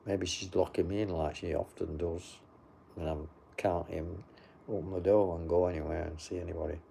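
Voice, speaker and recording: A man's voice: low voice, flat delivery, brisk, gravelly, dark tone, slight background noise. An older man who chats in a casual, dry and rambling way as he answers live comments into a phone. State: sleepy, yawning. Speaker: livestream host.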